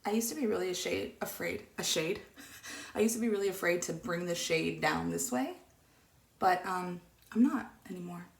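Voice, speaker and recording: Rambly lady vlogger talking thru her makeup, gravelly voice, mutters to herself sometimes. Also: on the low side, moderate pace. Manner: chatty and rambling, with soft muttered asides. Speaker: beauty vlogger. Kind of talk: casual makeup tutorial chat. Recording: echoey room.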